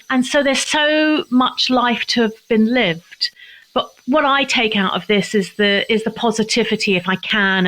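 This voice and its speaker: A woman's voice: on the high side, fairly bright tone, poor audio. An older woman from England, a charity founder, answering interview questions in an earnest, heartfelt way, close to tears at times.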